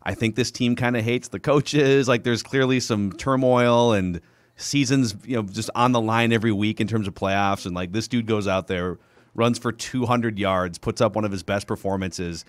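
A man's voice: lowish voice, fairly even intonation, normal speed. A man hosting a sports podcast, asking rambling questions full of fillers. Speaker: podcast host. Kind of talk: casual podcast chat.

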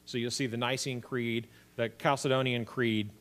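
A man's voice: mid-range voice, flat delivery, normal speed, a bit bright. A man, a pastor, teaching a church history class in a conversational lecture style, often checking in with his listeners. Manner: conversational, checks in with "right?" and "okay?".

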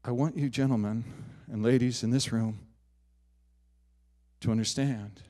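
Brief: middle-aged male pastor, mid-pitched voice, animated sermon delivery with loud peaks and hushed asides. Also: a little slow. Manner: animated preaching, rising loud on emphatic lines, dropping soft on personal asides. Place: church sanctuary.

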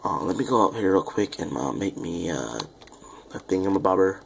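A young man rambling through casual game commentary, self-deprecating and chatty with viewers, with a quiet voice that sounds off the mic. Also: low-pitched, lively intonation, moderate pace, vocal fry, slight background noise. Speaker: gaming YouTuber. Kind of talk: casual Let's Play commentary.

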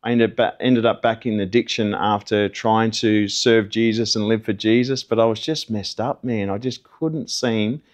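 A man's voice: fairly low pitch, fairly even intonation, moderate pace, few pauses. Earnest man telling his story. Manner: earnest, conversational storytelling with acted quotes. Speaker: testimony guest. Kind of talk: personal testimony.

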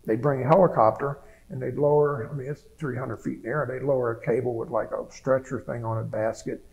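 Older man, gravelly voice, plainspoken rambling storyteller, oral history interview. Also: medium pitch, fairly even intonation, fairly quick, darkish tone, muffled recording. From United States. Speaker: veteran interviewee.

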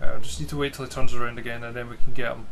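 A man's voice: mid-range voice, level tone, very fast, gravelly, noisy background. A man with a Scottish accent giving casual, chatty let's-play commentary and teasing the game as he plays. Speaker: gamer playing a game.

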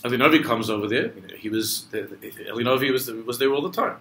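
Bright-voiced rabbi in an echoey space. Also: male voice, mid-range voice, fairly quick, slight background noise. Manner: explains text line by line, mixing in Hebrew and Aramaic quotations; builds to impassioned emphasis. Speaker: rabbi teaching a class. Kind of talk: Torah lecture to a travel group.

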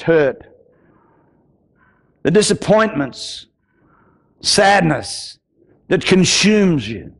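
A man's voice: on the high side, creaky. An older man, a pastor from Australia, preaching a sermon with passion, repeating words for emphasis and stammering now and then as he tells his story. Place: church.

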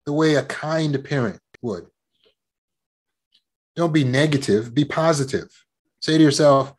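A man's voice: on the high side, animated, moderate pace, slightly rough. A man telling a personal childhood story and giving self-help advice as a trauma recovery coach, often repeating words and laughing as he talks.

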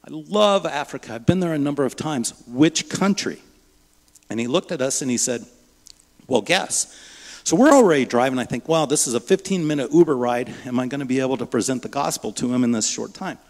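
A man preaches to a congregation, moving from plain talk into lively storytelling where he acts out what people said. His voice sits at a mid pitch. The sound carries the long reverb of a church hall. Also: quick pace. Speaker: guest preacher from a Bible ministry. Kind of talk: sermon with storytelling. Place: church sanctuary.

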